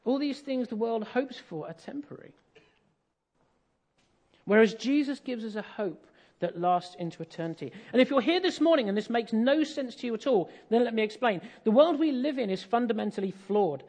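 A man's voice: very high voice, expressive, moderate pace, a little mellow. An English man preaching a sermon, telling a family story in a conversational way with self-deprecating humour.

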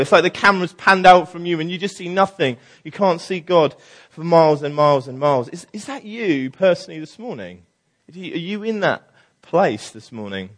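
A man leading a church team, giving a casual, lively sermon with many fillers and acted-out quotes. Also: on the high side. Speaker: church team leader preaching.

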